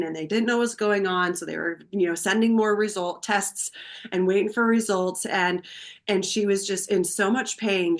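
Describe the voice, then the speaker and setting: A woman guest on a podcast, telling a personal story in a heartfelt, animated way. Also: mid-range voice.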